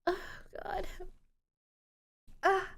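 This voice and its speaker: A woman's voice: drawn-out words, a little hiss or hum. A young adult woman streamer chatting casually with her live chat, crying and laughing as she thanks viewers. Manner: tearful, laughing between thank-yous to chat.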